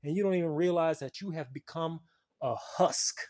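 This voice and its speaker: At normal speed, a spiritual content creator vents on camera with fervor and plenty of cursing, drifting from mumbled lows up to shouted peaks.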